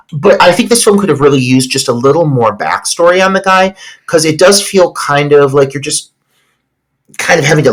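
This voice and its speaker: A man co-hosting a podcast, his pitch swinging widely as he talks. He is blunt and animated, peppering his speech with "like". His voice sits at a middling pitch for a man. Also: poor audio. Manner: animated, heavy use of "like", opinionated. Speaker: podcast co-host. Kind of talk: casual film discussion.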